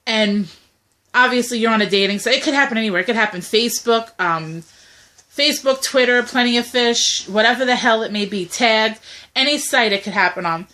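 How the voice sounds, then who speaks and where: A woman's voice: fairly high pitch, fairly quick, pushed and bright. A young woman co-hosting a casual talk video, speaking bluntly and animatedly, often acting out quoted messages. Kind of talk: casual opinionated chat.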